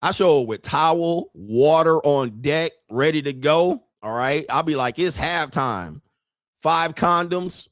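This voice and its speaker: A man's voice: fairly high pitch, unhurried, hardly any pauses, no room sound, clean studio sound. Profane, joking male commentary host. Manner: profane, joking, animated storytelling. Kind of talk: casual commentary.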